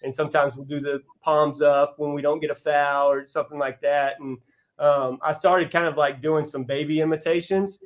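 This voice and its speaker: A man's voice: fairly high pitch, little pitch movement, normal speed, a bit bright. A man, a college basketball head coach, talking on a podcast as a guest, earnest and heartfelt, with frequent restarts as he tells stories. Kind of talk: casual podcast interview storytelling.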